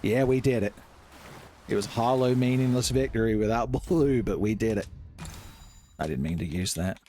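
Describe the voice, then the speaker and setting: A man giving loud, profane, joking commentary while playing a video game. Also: fairly low pitch, normal speed, a little hiss or hum. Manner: loud, profane, jokey, yelling at enemies. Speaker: gaming streamer. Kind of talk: casual gameplay commentary. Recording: gameplay music behind voice.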